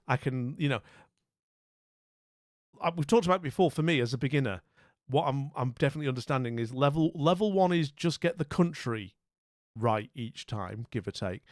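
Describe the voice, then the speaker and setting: A man's voice: mid-range voice, dry recording, clean studio sound. Chatty man thinking aloud on stream. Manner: chatty and rambling, thinking aloud and greeting viewers. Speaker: streamer playing a geography guessing game. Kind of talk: casual live-stream commentary.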